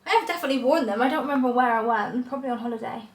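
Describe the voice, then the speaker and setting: A woman's voice: a little high, racing, roomy sound, rough recording. A young woman in casual chat to camera, rambling with lots of "like", filming herself on a phone outdoors on a walk. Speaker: lifestyle vlogger.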